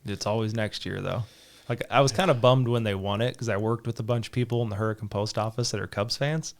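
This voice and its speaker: A man's voice: fairly low pitch, steady tone, fast talker. A man hosting a casual podcast, telling rambling stories and laughing often between them. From Southern Utah. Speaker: podcast host. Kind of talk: casual chat.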